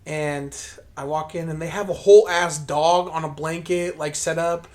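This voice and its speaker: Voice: mid-range voice, steady tone, normal speed, a little mellow. Rambling, profane podcast storyteller. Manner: rambling, profane, full of fillers; acts out own past remarks in a livelier voice. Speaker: podcast co-host. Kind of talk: casual storytelling chat.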